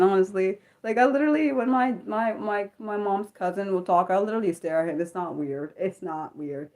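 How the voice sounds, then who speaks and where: An American woman hosting an unscripted livestream, chatting in a rambling, animated way with many fillers and restarts. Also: medium pitch, normal speed, hardly any pauses. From Maryland, United States. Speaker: livestream host. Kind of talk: unscripted livestream chat, answering viewers.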